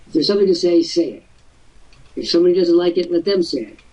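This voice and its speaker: A man's voice: sits high, lively intonation, quick pace, dark tone, far from the mic. An older man hosting a live webcast talk show, telling stories expansively with theatrical asides. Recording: husky voice from off-mic, muffled lo-fi audio.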